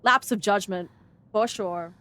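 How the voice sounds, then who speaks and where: A young Australian woman chatting while streaming a game, bubbly and excitable, gasping and squealing as she greets viewers. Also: mid-range voice, measured pace, a little hiss or hum. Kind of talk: live gaming stream chat.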